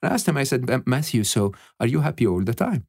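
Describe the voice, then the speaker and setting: A man talking as a podcast guest, animated and emphatic, often checking in with "okay?" and "hmm?". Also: mid-range voice, fast, no echo, clean studio sound. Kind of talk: reflective interview talk.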